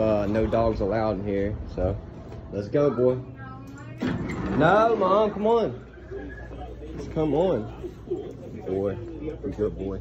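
A man's voice: on the low side, muffled recording, background noise. A man filming a casual vlog inside a discount store, coaxing and praising his puppy with repeated commands. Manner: coaxing dog-directed talk, repeated commands. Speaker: vlogger training his puppy.

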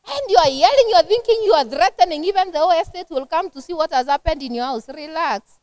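A middle-aged Kenyan woman leads a church parenting seminar in a high, bright-sitting voice. She teaches in a lively, conversational way, acting out little household scenes. The sound is dry, with almost no room around her. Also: quick pace, dry recording. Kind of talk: seminar talk to a church women's group.

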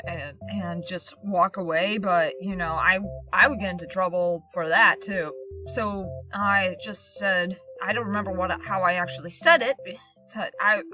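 A woman with a boyish-sounding voice telling a personal story in a casual vlog, animated and incredulous, her voice jumping up high in disbelief.

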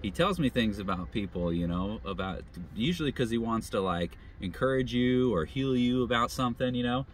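A middle-aged man, a travel vlogger, casually telling a faith story in an animated, rambling way with many fillers. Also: mid-range voice, normal speed, few pauses, slight background noise.

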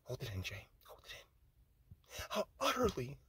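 A man voicing a mocking impression of a male politician, airy and breathy, in a quavering, near-whispered, fake-tearful tone. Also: high-pitched, animated, slow, pitched above the performer's own voice, heavily acted. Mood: mock weeping.

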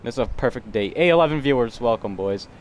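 A man's voice: medium pitch, lively intonation, fast. Hyped young man streaming a game. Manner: playful, hyped, talks to chat and game characters. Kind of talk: casual live-stream chatter.

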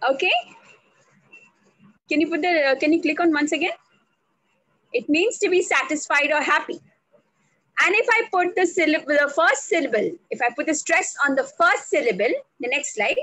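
Lady teaching pronunciation on a video call, high voice, takes it slow. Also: expressive, a bit bright, no echo, poor audio. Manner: slow, deliberate, spells out words. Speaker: English language trainer. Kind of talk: online speaking workshop.

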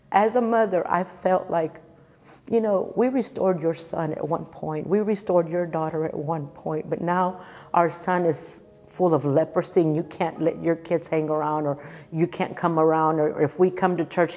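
A woman in her fifties tells her personal testimony in an earnest, emotional way, circling back and repeating phrases for emphasis. Her voice sits a little low. It rings with long hall reverb, with soft music underneath. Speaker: church speaker sharing her testimony.

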